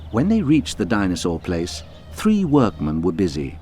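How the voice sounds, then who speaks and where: A man narrating a children's audiobook in a lively, expressive storytelling voice. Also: sits low, moderate pace, hardly any pauses.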